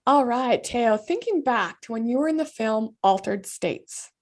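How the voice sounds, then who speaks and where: A woman hosting an interview show, asking questions briskly and keeping the show moving. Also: on the high side, lively intonation, a little mellow. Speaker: talk show host.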